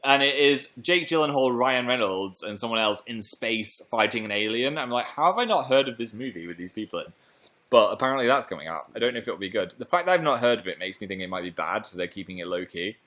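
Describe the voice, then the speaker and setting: A young British man chats through a casual live stream with a bright, forward tone. He is playful and talkative and keeps reading out viewer messages between his own rambling stories. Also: fairly low pitch, animated, quick pace, hardly any pauses. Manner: chatty, playful, reads out viewer comments. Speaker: livestream host.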